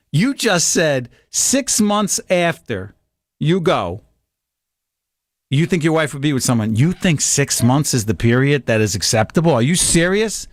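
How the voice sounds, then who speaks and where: A man hosting a call-in radio talk show, chatty and quick to laugh. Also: medium pitch, no room sound, studio quality. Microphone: studio microphone.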